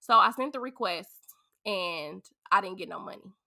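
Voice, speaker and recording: A woman from St. Louis, a podcast guest and beauty business owner, telling a story in a chatty, animated way. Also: medium pitch, normal speed, vocal fry. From St. Louis, USA. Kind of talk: casual storytelling.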